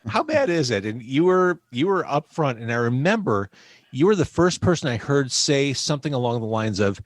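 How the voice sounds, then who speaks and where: A man's voice: mid-range voice, normal speed, no room sound. A man hosting a podcast, chatting casually and expressively with his guest. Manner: enthusiastic, expressive interviewer. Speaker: podcast host. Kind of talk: casual interview chat.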